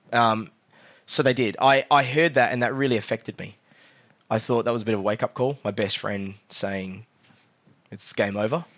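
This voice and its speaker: Aussie guy guest preaching, tells his story low and soft then fires up the crowd, mid-pitched voice. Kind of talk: sermon with personal testimony. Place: church hall.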